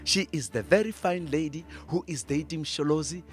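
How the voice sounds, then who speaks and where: A man's voice: a little high, faint music behind, lightly acted. An actor playing a boastful, crude older male politician with a voice, in a satirical puppet sketch. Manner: pompous, drawn-out, chuckling.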